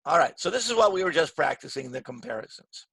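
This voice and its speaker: A man's voice: on the high side, expressive, fast, vocal fry, bright, forceful tone, husky, no room sound. A middle-aged man teaching an online English grammar class over a video call, checking in with the students often. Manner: patient, checks in with "right?" often.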